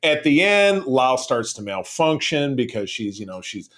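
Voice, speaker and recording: Man, podcast co-host, casual chat, jokey, lively pitch swings. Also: normal speed. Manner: animated, jokey, acts out quotes.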